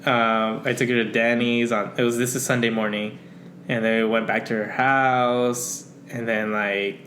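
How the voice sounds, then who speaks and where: A man's voice: medium pitch, little pitch movement, moderate pace, fairly bright tone, a little hiss or hum. A young man co-hosting a podcast, telling a rambling story in casual chat and laughing often. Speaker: podcast co-host.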